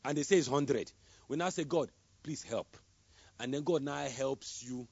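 Man, preaching, husky, dry close sound, dull lo-fi audio. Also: medium pitch, normal speed, dry recording. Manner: swings between loud emphatic calls and soft murmured prayer. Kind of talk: sermon.

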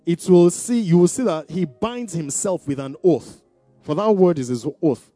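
A man's voice: high voice, animated, normal speed, warm tone, no room sound. A man preaching a sermon, asking the congregation questions and building to emphatic declarations. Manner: call-and-response preaching, rising to emphatic declarations. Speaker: pastor. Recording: dry sound with faint music behind.

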